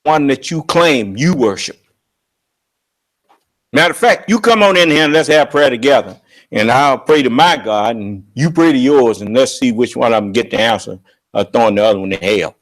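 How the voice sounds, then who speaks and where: Emphatic preacher man with a lively pitch. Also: moderate pace. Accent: American. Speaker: religious leader and teacher. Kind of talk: preaching on scripture.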